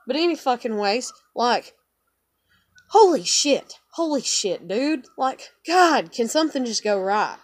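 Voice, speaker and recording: A woman's voice: a little high, big pitch swings, a little slow, dry recording. A young woman venting in a heated, rambling, profane monologue. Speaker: vlogger.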